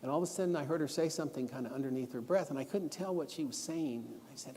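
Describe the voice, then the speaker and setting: A man's voice: fairly high pitch, quick pace, warm tone, a little hiss or hum. Earnest male preacher in a reverberant hall. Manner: earnest, storytelling, instructive. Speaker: guest preacher. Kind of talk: sermon lesson. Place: church auditorium. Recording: long church hall reverb.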